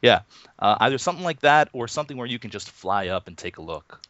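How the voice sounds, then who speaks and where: A man's voice: mid-range voice, fast, no echo. A man in his thirties, a guest on an interview show, chatting casually with lots of fillers and little chuckles. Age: 30s. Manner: relaxed, chuckling, many fillers and restarts. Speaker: interview guest, Minecraft YouTuber. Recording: dull, muffled lo-fi online call.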